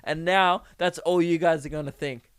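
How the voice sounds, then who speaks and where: Sweary comedian riffing. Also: male voice, fairly high pitch, fairly even intonation, moderate pace, clear, resonant tone, dry recording, studio quality. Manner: sweary, rambling, laughs at own jokes. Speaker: comedian podcast host. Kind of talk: casual comedic monologue.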